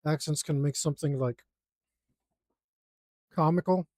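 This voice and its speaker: A man's voice: on the high side, a little slow, a little mellow, dry recording, clean studio sound. A young man inking a drawing, casually muttering and criticizing his own lines as he works. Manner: self-critical, mutters to himself while drawing. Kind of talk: casual work-along commentary.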